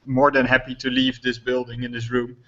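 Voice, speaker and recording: A man describing his character's actions at a tabletop game, in a flat, halting way. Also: medium pitch, highs cut off. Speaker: player.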